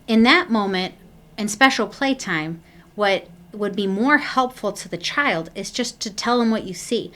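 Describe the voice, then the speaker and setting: Woman presenter, parenting workshop; gentle, encouraging, unhurried, mid pitch, natural fillers.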